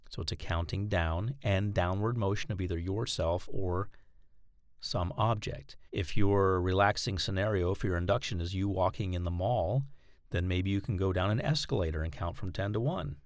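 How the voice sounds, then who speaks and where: A man calmly explaining, step by step, how to record a self-hypnosis session. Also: on the low side, no room sound, clean studio sound. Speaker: hypnotherapy instructor. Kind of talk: instructional talk.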